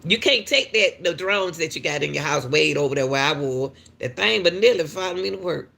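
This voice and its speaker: A woman, a school crossing guard, casually telling viewers a story in an animated way and calling out to them often. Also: deep voice, fairly quick, vocal fry. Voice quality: talks straight to viewers with repeated "y'all", animated and laughing.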